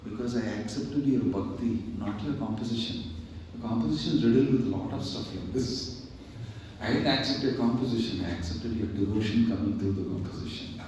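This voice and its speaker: A man voicing a gentle divine Lord who speaks softly and gently reproves his devotee. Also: medium pitch, slight background noise, close to an everyday voice. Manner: soft, measured, gently reproving. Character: gentle divine male Lord, calm and admonishing. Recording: very echoey distant hall recording.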